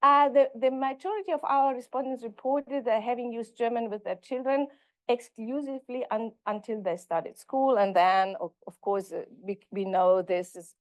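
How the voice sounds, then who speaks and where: Female linguistics professor, higher-pitched, giving a conference lecture, halting and self-correcting, close dry sound. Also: steady tone, dry recording.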